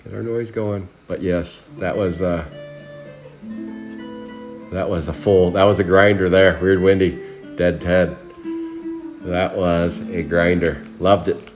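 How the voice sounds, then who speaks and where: Man, low voice, casual card-break host, rambling chat, music behind. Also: fairly even intonation, slow pace, long pauses. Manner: rambling, chatty, talks to viewers by name.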